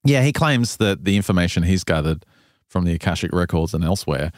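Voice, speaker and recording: A man hosting a casual talk show, retelling a strange tale in an animated way with frequent laughs. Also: low-pitched, a little fast, no room sound, clean studio sound. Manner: animated retelling, laughs often, loose fillers. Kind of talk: casual storytelling chat.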